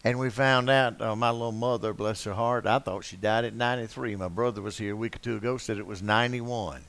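An older man preaching a sermon, telling rambling anecdotes full of uh fillers and swinging between loud and soft passages. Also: on the low side, fairly even intonation, a little fast, creaky. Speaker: pastor. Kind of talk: sermon with folksy storytelling.

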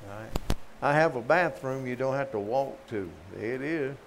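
A man's voice: medium pitch, a little slow, slight background noise. An older man with a Southern US accent preaching a folksy, joking sermon with emphatic peaks.

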